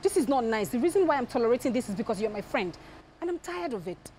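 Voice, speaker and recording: An actress with a Nigerian accent playing a hot-tempered wife and businesswoman who demands payment from a friend, her voice jumping from sharp outbursts to low murmurs. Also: very animated, a little hiss or hum. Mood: angry demanding. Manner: sharp, demanding, quick to rise then drop to a low murmur.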